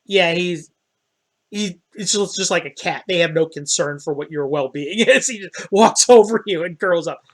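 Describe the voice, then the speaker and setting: A man running a tabletop game as dungeon master, describing scenes in a relaxed way with hesitant fillers. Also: high-pitched, moderate pace.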